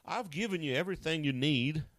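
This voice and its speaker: Male pastor, lively swooping delivery, dry booming close-up sound, jokey asides. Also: fairly quick, no echo. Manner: animated, acts out voices with sudden high pitch jumps; conversational and joking, with asides to a co-host. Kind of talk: sermon.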